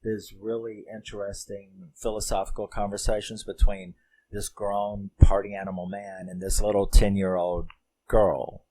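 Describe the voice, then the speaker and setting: A man's voice: sits low, warm tone, low-quality recording. A man casually recapping a film, rambling and emotional, with lots of fillers and swearing. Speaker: film reviewer.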